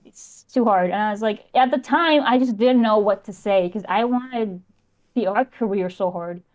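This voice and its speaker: A woman's voice: mid-range voice, darkish tone, low-quality recording. Hesitant young woman calling in. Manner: hesitant, halting, trails off often. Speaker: caller. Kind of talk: casual call-in chat. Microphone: voice call.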